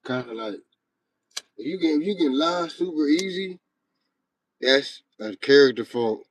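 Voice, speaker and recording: A man's voice: on the high side, expressive, measured pace, a little hiss or hum. A young man hosting a livestream, talking bluntly and profanely in a rambling, casual way to his chat. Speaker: livestream host.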